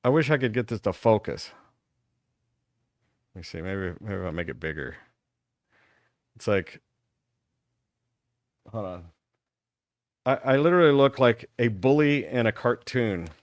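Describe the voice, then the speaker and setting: A man's voice: on the low side, unhurried, pauses often, dry recording, studio quality. A man in his fifties from Texas, hosting a live talk show and animatedly telling school stories to a caller. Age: 50s. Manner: animated, reminiscing storyteller.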